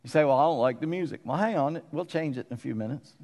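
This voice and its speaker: A man preaching in a casual, talky way, his fairly high voice rising when he is excited and sinking low for the serious points. The sound rings out with a long church-hall reverb. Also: fast. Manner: conversational, animated preaching with sudden drops to a low voice. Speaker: pastor. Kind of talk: sermon. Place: church sanctuary.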